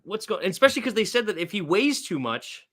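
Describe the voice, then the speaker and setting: A man's voice: high-pitched, big pitch swings, fast talker, fairly bright tone. A man hosting a casual sports podcast, easygoing as he steers the chat between his co-hosts. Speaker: podcast host.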